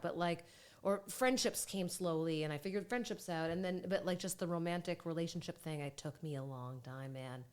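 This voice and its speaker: Woman guesting on a podcast, kinda low voice, candid and self-mocking, chatty. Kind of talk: casual chat.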